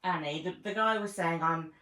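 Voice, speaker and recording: A woman's voice: fairly low pitch, lively intonation, fairly quick, echoey room. A woman co-hosting a casual chat, laughing often.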